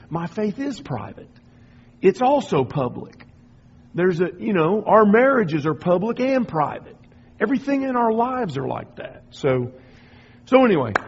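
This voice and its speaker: A middle-aged man giving a rambling, informal spoken testimony, often restarting and clearing his throat. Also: a little high, highs cut off. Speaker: speaker sharing a personal faith story.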